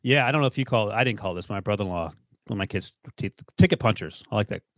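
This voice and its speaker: A man in his forties with a mid-pitched voice who talks fast and bluntly, cracking jokes in casual sports talk. The recording is dry and close. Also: lively intonation, no echo. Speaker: podcast co-host.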